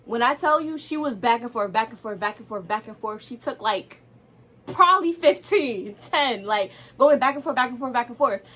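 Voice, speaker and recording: A young woman telling a casual storytime to camera, animated and exasperated, throwing rhetorical asides to viewers. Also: on the high side, moderate pace.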